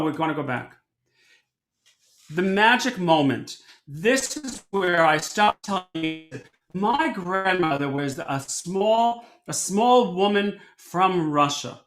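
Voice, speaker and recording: Animated high bright-voiced man teaching. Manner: animated, conversational, many restarts. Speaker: cantor teaching a storytelling workshop. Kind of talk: workshop lesson. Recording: echoey room.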